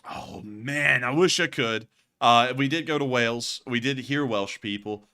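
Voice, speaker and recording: Bright-voiced rambling male stream host. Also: medium pitch, measured pace. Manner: rambling, wry, full of fillers. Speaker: host of a war news live stream. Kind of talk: casual live stream chat.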